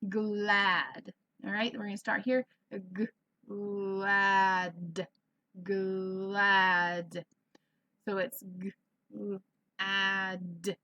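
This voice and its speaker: Southern US woman, early-grades teacher, slow and deliberate, sounds words out for kids. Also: mid-range voice, bright, forceful tone. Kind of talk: virtual classroom lesson.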